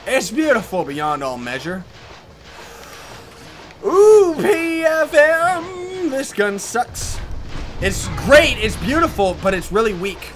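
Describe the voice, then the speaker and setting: A man doing let's play commentary, loud and excitable, often yelling at enemies. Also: high-pitched, a little slow, faint music behind.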